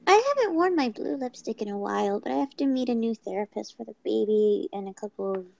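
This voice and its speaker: A woman with a fairly high voice full of vocal fry, chatting casually and rambling as she restarts her sentences. The sound is dry and slightly dull. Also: lively intonation, fast, a little mellow, no room sound. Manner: rambling, self-correcting. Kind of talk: casual chat.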